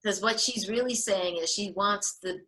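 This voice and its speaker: A bright, clear-toned woman chats on a podcast about raising kids. She is animated and acts out what a parent might say, with a lively, practical delivery. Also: medium pitch, moderate pace, rough recording. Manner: animated, gives advice and acts out short scenes. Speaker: guest author on parenting. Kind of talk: casual advice chat.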